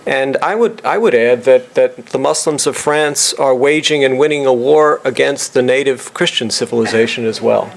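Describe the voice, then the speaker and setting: A middle-aged man with a New York accent giving a halting introductory speech to an audience, full of fillers and restarts. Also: medium pitch, gravelly. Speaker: introductory speaker.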